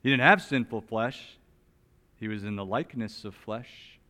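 Man, sermon, pastor, animated, emphatic, shifts from loud to soft. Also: on the low side. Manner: animated, emphatic, with wide swings in loudness; drops to a soft, slow voice for key points. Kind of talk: expository sermon.

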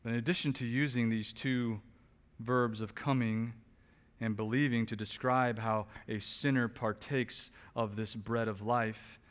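A male pastor delivering an expository sermon in a mid-pitched voice. He builds to loud emphatic peaks and then falls back to a quiet, conversational tone. Small restarts slip into his asides.

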